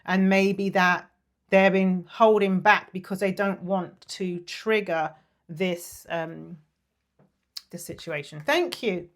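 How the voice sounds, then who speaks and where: A woman's voice: fairly low pitch, fairly even intonation, slow pace. Chatty woman giving a tarot reading. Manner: chatty, giggly, apologetic, with soft murmurs and breathy sighs. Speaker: tarot reader.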